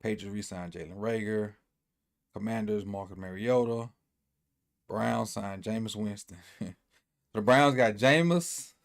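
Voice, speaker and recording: A man's voice: lowish voice, a little slow, creaky, pauses often. Easygoing man rambling through a sports recap. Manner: loose, rambling, repeats himself, thinks aloud. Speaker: sports commentator.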